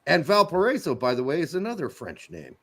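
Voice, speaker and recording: A man's voice: a little high, wildly swooping pitch, a little fast, a bit bright. A man co-hosting a podcast, rambling and joking in casual banter and swearing freely. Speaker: podcast co-host.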